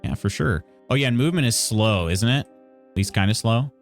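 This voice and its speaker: A man's voice: fairly low pitch, lively intonation, brisk, faint music behind. A man streaming a game live, reading tutorial text aloud and adding playful, wry asides to chat.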